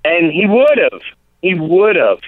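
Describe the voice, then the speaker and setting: Brief: comedian guest, man, higher-pitched talk, rambling, tinny phone-line sound, dry. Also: dry recording. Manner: rambling, lively, slips into quick impressions of people. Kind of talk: casual interview chat.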